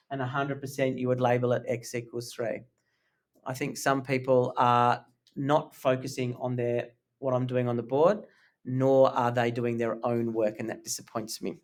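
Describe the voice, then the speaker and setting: A man's voice: medium pitch, level tone, moderate pace. A man teaching a live maths lesson in a classroom, talking in a casual, joking way.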